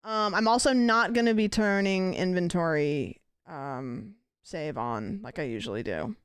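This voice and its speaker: A woman's voice: fairly low pitch, lively intonation, a little slow, clear, resonant tone, no echo, studio quality. A woman livestreaming a game, chatting casually and swearing freely. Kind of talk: casual chat while gaming.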